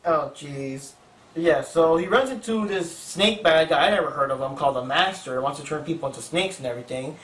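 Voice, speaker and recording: A chatty young man hosting an off-the-cuff comic review, rambling along playfully in a fairly high voice. The room is echoey and he sits a good way from the mic. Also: a little fast, fairly bright tone. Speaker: comic book reviewer, host. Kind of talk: casual improvised review. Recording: roomy echo, distant mic.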